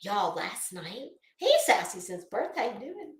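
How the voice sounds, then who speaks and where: A woman's voice: mid-range voice, big pitch swings, measured pace, echoey room. A woman hosting a casual live stream, greeting viewers by name and swearing freely. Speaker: livestream host.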